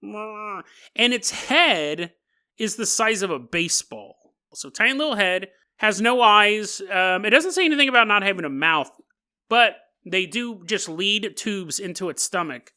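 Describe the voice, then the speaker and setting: Hosting a relaxed solo podcast, a man with a high-pitched, pushed, bright and smooth voice meanders through a story. He jokes around and frequently breaks into laughter in the middle of sentences.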